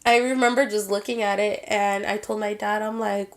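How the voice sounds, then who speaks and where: A woman's voice: mid-range voice, fairly even intonation, normal speed. A woman co-hosting a podcast, earnestly telling a personal story and switching into Spanish phrases mid-sentence. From Mexican-American family. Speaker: podcast co-host.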